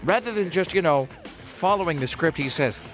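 A man's voice: fairly high pitch, animated, moderate pace, soft background music. A man casually telling a long story on a podcast, rambling with lots of fillers and restarts.

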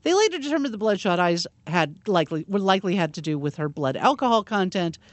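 Female radio co-host, expressive news read, dry close studio sound. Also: on the low side, fast, no echo. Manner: lively, conversational news reading. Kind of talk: casual radio banter and news reading.

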